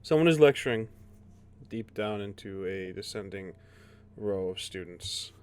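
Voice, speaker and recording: Slow, low-voiced male game master. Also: animated, clear, resonant tone. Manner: measured, formal replies. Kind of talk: narrating a tabletop game.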